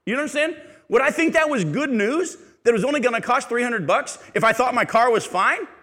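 A man preaching a sermon as pastor, animated and asking the congregation rhetorical questions. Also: extremely high pitch, brisk, long reverb tail.

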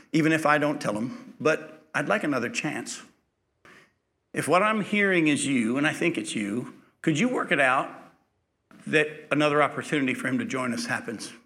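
A man's voice: a little high, animated, normal speed, pushed and bright. A man preaching a sermon, telling a personal story in a conversational way, acting out the dialogue, then building to emphatic preaching.

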